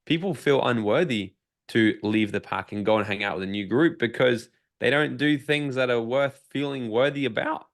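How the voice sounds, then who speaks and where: A man's voice: mid-range voice, moderate pace. A man telling a personal story as a podcast guest, swearing freely, acting out his own inner dialogue and turning it into motivational advice. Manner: profane, emphatic motivational storytelling. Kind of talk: casual storytelling interview.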